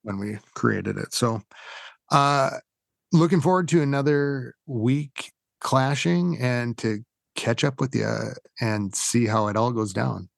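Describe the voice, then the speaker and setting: A man's voice: medium pitch, takes it slowly, vocal fry, no echo, clean studio sound. A man co-hosting a casual gaming podcast, loose and rambling with lots of fillers. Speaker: podcast co-host.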